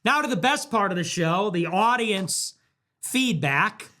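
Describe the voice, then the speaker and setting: A man's voice: high voice, lively intonation, measured pace, pushed and bright. A man hosting a livestream, ranting emphatically with heavy repetition, his voice strained after hours on air. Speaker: livestream host. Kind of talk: heated livestream monologue.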